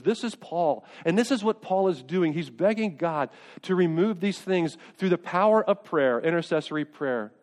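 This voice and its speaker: Earnest pastor preaching in reverberant hall. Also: male voice, high voice, animated, normal speed, a little mellow. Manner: earnest, builds to pleading intensity, repeats phrases. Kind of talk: sermon. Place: church sanctuary. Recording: long reverb of a church hall.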